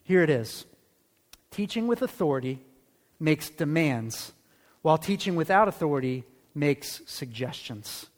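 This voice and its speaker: Guy pastor preaching in church, kinda high voice, asks the crowd stuff like "right?", big echoey hall. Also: sing-song, measured pace. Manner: conversational preaching with rhetorical questions. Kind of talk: sermon. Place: church sanctuary. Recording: long hall reverb.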